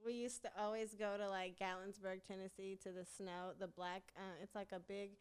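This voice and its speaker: Smooth-voiced young woman, laid-back chat. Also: medium pitch, flat delivery, normal speed. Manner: laid-back, laughs often, slangy storytelling. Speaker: rapper and singer, interview guest. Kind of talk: casual interview chat.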